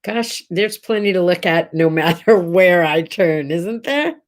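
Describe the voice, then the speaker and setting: A woman's voice: on the low side, animated, measured pace. A woman hosting her morning vlog from a room at home, chatting with viewers in an encouraging way and often asking them questions. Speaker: host. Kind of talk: casual morning vlog talk.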